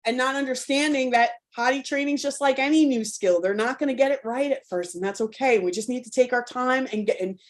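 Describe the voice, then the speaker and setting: A spirited woman coach talks straight to her audience in a live online session. Her voice sits a little high, and she is blunt and cheerfully profane, keeping it loose and conversational. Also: brisk, few pauses. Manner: frank, spirited, curses freely; conversational, rallying.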